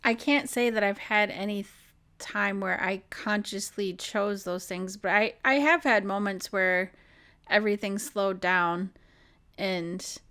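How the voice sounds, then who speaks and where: A woman's voice: medium pitch, a little slow, bright, forceful tone. A woman co-hosting a podcast, sharing her own experience in casual chat. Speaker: podcast co-host.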